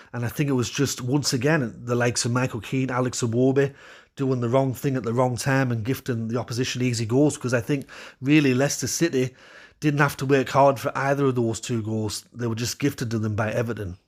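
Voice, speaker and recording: A man giving an opinionated, frustrated spoken reaction after a football match, rambling with fillers. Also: medium pitch. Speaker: football fan channel host. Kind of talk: post-match reaction monologue.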